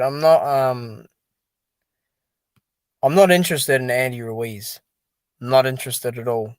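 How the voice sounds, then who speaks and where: In a mid-range voice with no room sound, a man runs a casual solo boxing and MMA commentary for his viewers. He comes across exasperated and dismissive and relies heavily on fillers such as "dude" and "man."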